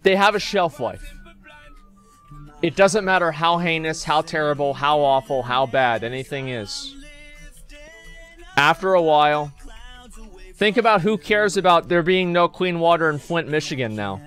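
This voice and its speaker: A man's voice: on the high side, lively intonation, a little slow, long pauses, a bit bright, smooth, faint music behind. A man streaming, delivering a rambling, profane, sarcastic rant, stumbling into restarts as he goes. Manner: sarcastic, mocks people in put-on voices. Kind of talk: ranting commentary.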